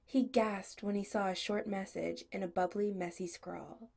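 A woman's voice: mid-range voice, fairly even intonation, moderate pace, creaky, hardly any pauses, darkish tone. A woman narrating a story as an audiobook reader, giving each character a voice. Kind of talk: audiobook reading.

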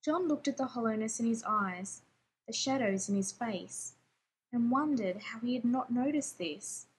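A woman reading fiction aloud in a steady, even narrating voice. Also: fairly high pitch, unhurried, slight background noise.

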